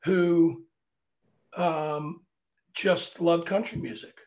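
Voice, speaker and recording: A man from Virginia, an opera singer, chatting in an interview and telling stories in an animated way, often restarting his sentences. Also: a little high, very slow. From Virginia, USA. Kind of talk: casual interview storytelling.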